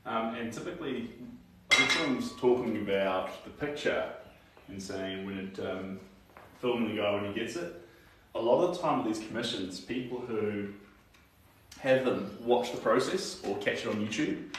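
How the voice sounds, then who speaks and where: A man's voice: mid-range voice, moderate pace, fairly bright tone, far from the mic, slight background noise. Sniffly New Zealand man in echoey room. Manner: chatty, reads out viewer comments, hums to himself. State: sniffly, congested. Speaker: painter livestreaming. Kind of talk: casual live-stream chat while painting. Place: room indoors, hot.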